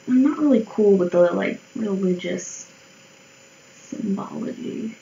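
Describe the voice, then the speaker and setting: A woman's voice: mid-range voice, animated, unhurried, creaky, warm tone, dull audio, a little hiss or hum. A woman from the United States chatting casually while she draws on a stream, rambling, swearing and mocking herself as her voice wears out. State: voice wearing out. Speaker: livestreamer drawing. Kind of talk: casual chat while drawing.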